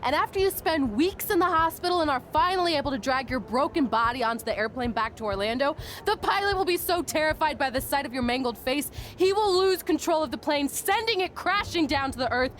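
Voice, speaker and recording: A woman's voice: sits high, a little fast, few pauses, a bit bright, a little hiss or hum. An actress voicing an intense, hotheaded young female wrestling trainee in a game cutscene. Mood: menacing. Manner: cheerful, flaring into menace. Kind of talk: video game cutscene acting.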